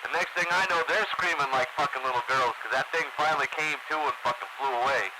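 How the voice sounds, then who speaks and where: A man's voice: fairly high pitch, fast talker. A man co-hosting a radio show, chatting casually and swearing constantly through his stories. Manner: profane, swears constantly while telling stories. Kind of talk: casual chat. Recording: loud background noise.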